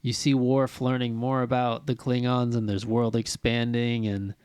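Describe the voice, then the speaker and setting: A man's voice: mid-range voice, level tone, normal speed, darkish tone, clear, resonant tone, no room sound. A man with an ordinary mid-range voice talks casually as a podcast co-host. He is easygoing, laughs often and wanders through his points. The recording is dry and close. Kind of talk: casual chat.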